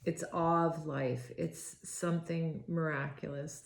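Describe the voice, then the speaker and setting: Slow, low-voiced woman reading tarot in awe. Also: flat delivery, creaky. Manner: awed, halting, with frequent sighs and restarts. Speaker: tarot reader. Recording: roomy echo with faint noise.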